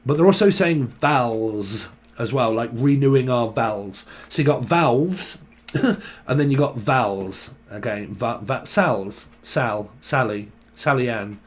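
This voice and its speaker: A man's voice: mid-range voice, animated, slow pace. A young man doing a casual tarot reading, rambling through word associations with crude jokes and frequent laughter. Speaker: tarot reader. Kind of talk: casual off-the-cuff tarot channelling.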